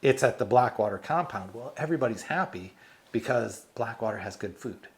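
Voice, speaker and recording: A man's voice: medium pitch, a little fast. A man, a retired army medic from the United States, telling war stories in an interview, acting out the quotes and laughing often. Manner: animated storyteller, laughs often, acts out quotes. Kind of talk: storytelling interview.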